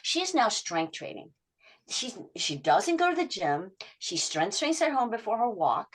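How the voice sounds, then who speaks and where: A middle-aged woman habit coach in a podcast interview, telling client stories and acting out their quotes in lively voice shifts. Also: medium pitch, measured pace, breathy edge.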